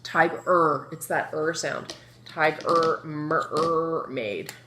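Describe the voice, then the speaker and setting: A woman teaching young children a phonics lesson, slowly drawing out word sounds and asking the class questions. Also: lowish voice. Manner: slow, drawn-out sounding of words; lively, encouraging, asks the children questions. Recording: echoey room with faint noise.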